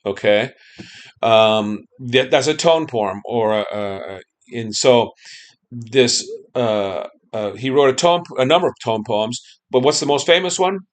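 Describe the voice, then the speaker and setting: A man's voice: medium pitch, measured pace. Man giving a chatty music lecture. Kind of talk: classroom lecture.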